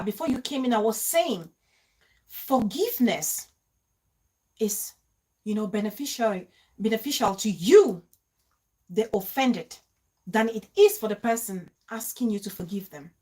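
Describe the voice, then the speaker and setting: A woman's voice: on the high side, animated, moderate pace, pauses often, warm tone, breathy edge. Effusive woman hosting a live stream. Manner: effusive, greets viewers by name. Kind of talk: live stream chat reading comments. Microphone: phone.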